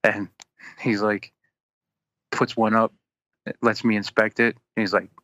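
A man telling a long story in casual chat, animated and swearing constantly as he acts out both sides of an argument. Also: on the low side, unhurried, no echo. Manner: animated, heavy swearing, quotes people in exasperated retellings.

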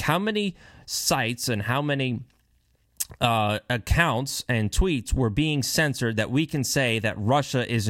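Animated, sarcastic male commentator. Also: medium pitch, no echo, studio quality. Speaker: political commentator. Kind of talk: reading and commenting on news.

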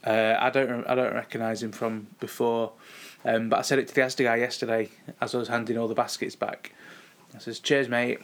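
A man's voice: mid-range voice, flat delivery, a little fast. A man, co-hosting a casual chat and telling anecdotes in a laid-back, dryly funny way. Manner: laid-back, dry humour, tells anecdotes. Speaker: podcast co-host.

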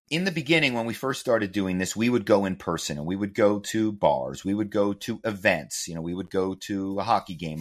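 A man from the Philadelphia area, a guest telling stories in an animated, self-amused way in an interview. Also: sits low. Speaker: guest, author and former corporate spy. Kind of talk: conversational interview storytelling.

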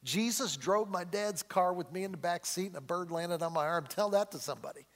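High-voiced chuckling male preacher, reverberant hall. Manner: conversational preaching, chuckles often, slows and rises for emphasis. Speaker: pastor. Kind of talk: sermon. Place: church sanctuary.

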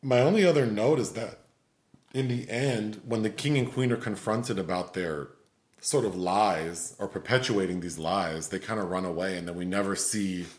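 A man's voice: on the low side, normal speed. A man giving a rambling, filler-heavy critique of a film in casual chat. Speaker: film reviewer. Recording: roomy echo.

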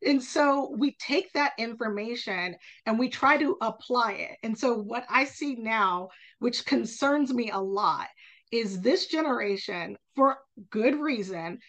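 A woman speaking as a college admissions tutor in a casual podcast conversation, talking passionately in quick bursts. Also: fairly high pitch, fairly bright tone.

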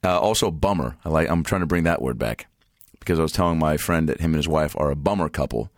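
A man guesting on a podcast, animated and casual, swearing and saying "dude" a lot as he tells stories. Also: fast talker, no echo, clean studio sound. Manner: animated storyteller, acts out dialogue in high voices. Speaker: comedian guest.

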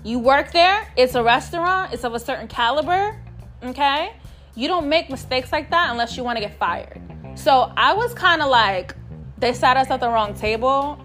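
Over faint music, a New York City podcast host tells a personal story at a moderate pace, her voice high, expressive, and a bit bright. The monologue is casual, candid, profane, and emphatic, directed right at "y'all."

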